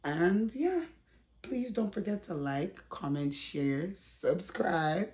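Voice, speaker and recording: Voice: mid-range voice, animated, slow pace, darkish tone. A reality TV recap vlogger talking in a casual, slangy, chatty way with frequent laughs. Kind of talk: casual commentary.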